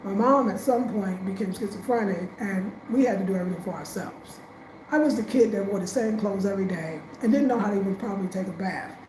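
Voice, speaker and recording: A woman from Brooklyn with a New York accent telling her life story, emotional and animated, jumping between loud bursts and quiet asides. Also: mid-range voice, quick pace, reverberant, slight background noise, low-quality recording. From Brownsville, Brooklyn, New York.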